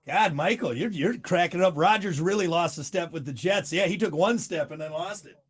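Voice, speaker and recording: A man's voice: high voice, brisk, husky, dry recording. A man hosting a morning show, rambling and joking in casual banter, wired on caffeine. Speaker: show host.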